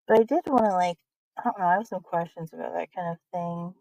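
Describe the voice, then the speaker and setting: A woman's voice: fairly low pitch, normal speed, no echo, dull audio. Chatty young woman live streaming. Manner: chatty, rambling, lots of fillers. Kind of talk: casual live-stream chat.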